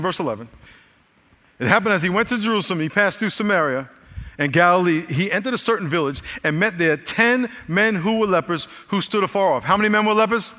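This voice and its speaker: Energetic pastor preaching in a big hall. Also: male voice, sits high. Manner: energetic, repeats lines, calls out to the congregation. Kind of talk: sermon. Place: large church hall.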